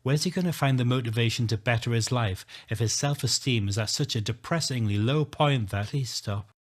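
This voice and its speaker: A man's voice: mid-range voice, fairly quick. Man, audiobook narrator, earnest first-person telling. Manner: earnest, emotional, rising to shouting.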